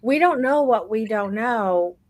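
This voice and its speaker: A woman hosting a live online photography class, talking warmly and encouragingly to her students, calling them "baby" and stretching out words for emphasis. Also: a little high, expressive, a little slow, no echo, poor audio. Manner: warm encouraging, calls people baby. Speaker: photography course instructor.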